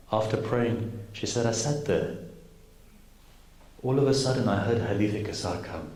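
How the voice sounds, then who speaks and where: A man's voice: on the low side, darkish tone. A man preaching at a gathering, telling a story in an earnest way and speaking straight to the audience. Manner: earnest, addresses the audience directly. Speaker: preacher at a majlis. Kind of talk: sermon storytelling. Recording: roomy hall recording with faint noise.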